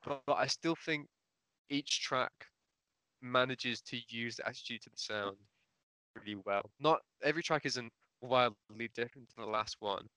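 A man co-hosting a casual music chat, giving halting, thoughtful opinions on an album. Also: medium pitch, pushed and bright, clean tone, dry recording. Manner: thoughtful, halting, restarts often. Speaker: podcast co-host.

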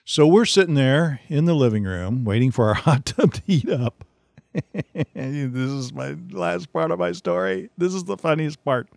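A middle-aged man hosting a podcast, telling a funny story in a casual, animated way and laughing often. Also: medium pitch, creaky, no room sound, clean studio sound. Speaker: podcast host.

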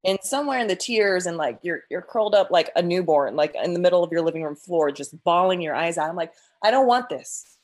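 A woman's voice: on the low side, fast, hardly any pauses. Earnest woman telling a faith testimony. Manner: emotional, earnest, frequent restarts and acted-out quotes. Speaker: guest sharing a faith testimony. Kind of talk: personal testimony storytelling.

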